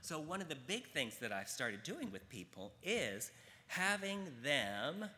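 Guy giving a spiritual talk, bright sharp voice, blunt and casual, big hall echo. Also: on the high side, very animated, measured pace. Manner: frank and irreverent, acts out quoted speech. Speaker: spiritual teacher. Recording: long hall reverb.

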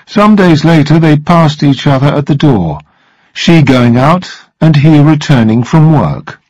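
Male narrator, storybook reading, expressive, lively pitch, dry close sound. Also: measured pace, no room sound, low-quality recording. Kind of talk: storybook reading for language learners.

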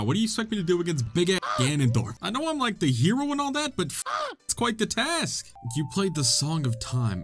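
A young man hosting a casual video game let's play, excitable and joking as he plays. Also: on the high side. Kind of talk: casual gameplay commentary.

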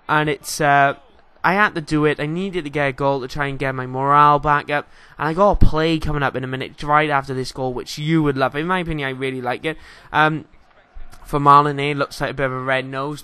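Bright-voiced Welsh young man rambling. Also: on the high side, no echo. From Wales. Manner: rambling, casual, filler-heavy. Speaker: gaming YouTuber. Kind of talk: game commentary voice-over.

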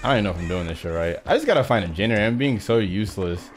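A man's voice: lowish voice, animated, rapid-fire, slight background noise. A young man doing nervous let's-play commentary, swinging between muttered self-talk and shrieks and cursing a lot. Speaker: gaming YouTuber. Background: game music.

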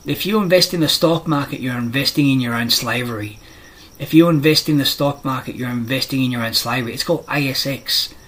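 A man's voice: mid-range voice, fairly quick, a bit bright, poor audio. Swearing Australian man ranting. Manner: heavy swearing, blunt and aggrieved. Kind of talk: rambling profane monologue.

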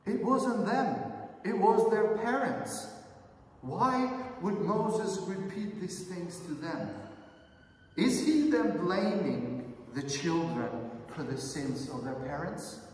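Male pastor, sermon, unhurried, addresses the brothers and sisters; recorded far off in a long-echo sanctuary. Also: high-pitched, expressive. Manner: earnest, asks the congregation many questions; calls the listeners brothers and sisters. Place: church sanctuary. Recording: echoey hall, mic far off.

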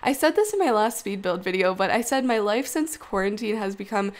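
A woman's voice: medium pitch, animated, a little fast. A woman in her twenties with a groggy morning voice, chatting in a rambling, self-deprecating way full of fillers over a video. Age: 20s. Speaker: video creator. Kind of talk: casual chat voice-over.

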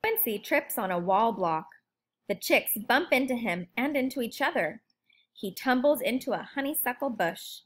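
A woman reading a children's picture book aloud in an expressive, lively way. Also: fairly high pitch, moderate pace, slightly rough. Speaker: storybook narrator. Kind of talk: children's storybook read-aloud.

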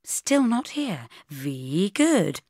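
A woman reading a first-person novel aloud as an audiobook, with a lively, wry diary-style delivery. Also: mid-range voice, slow, no echo, studio quality. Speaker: audiobook reader.

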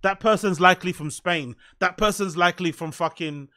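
A man's voice: sits high, moderate pace, sharp tone. A man with a London accent giving blunt, sarcastic reaction commentary. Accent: London English. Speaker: commentary streamer.

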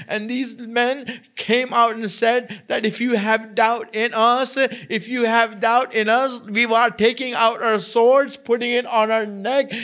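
A man's voice: very high voice, a bit bright. A man preaching a sermon, telling a story with quoted dialogue and repeating lines for emphasis. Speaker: preacher giving a majlis.

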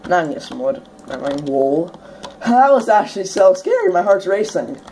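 A young woman talks her way through a video game at her home computer, casual and chatty, with sudden shrieks and curses whenever something jumps out at her. Her voice sits fairly low for a woman. Faint keyboard typing ticks along underneath. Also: moderate pace, a little hiss or hum. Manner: chatty and excitable, swears, bursts into sudden shrieks when startled. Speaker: let's play host. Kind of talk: casual gameplay commentary.

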